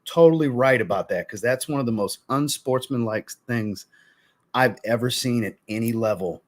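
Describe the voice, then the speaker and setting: A man's voice: mid-range voice, normal speed. A man hosting a fragrance livestream, greeting viewers by name, then ranting bluntly and profanely before apologizing. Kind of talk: casual livestream chat reading viewer comments.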